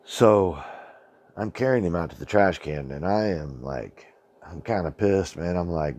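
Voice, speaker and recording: A man's voice: deep voice, moderate pace, darkish tone, highs cut off. A middle-aged man telling a personal story in a rambling, colloquial way, swearing freely and often saying "man". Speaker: channel host. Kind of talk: casual storytelling monologue.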